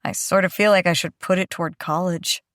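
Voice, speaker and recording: A woman's voice: on the low side, steady tone, fairly quick, fairly bright tone, no echo, clean studio sound, lightly acted. A female audiobook narrator voicing a teenage boy who talks in a plain, matter-of-fact way. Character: easygoing teenage boy, practical.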